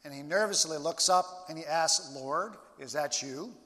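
A man preaching a sermon as a pastor, slow and deliberate with dramatic pauses. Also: a little high, bright, forceful tone, long reverb tail.

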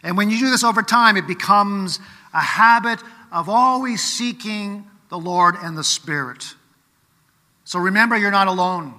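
A man's voice: sits high, moderate pace, bright, forceful tone, big-room sound. A man preaching a sermon in a conversational way, often checking in with rhetorical questions.

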